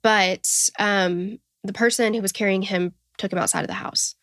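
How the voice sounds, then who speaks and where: A woman with a Southern US accent, co-hosting a true crime podcast in a relaxed, chatty way. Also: mid-range voice, normal speed, dry recording, studio quality. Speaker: podcast co-host. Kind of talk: casual true crime storytelling.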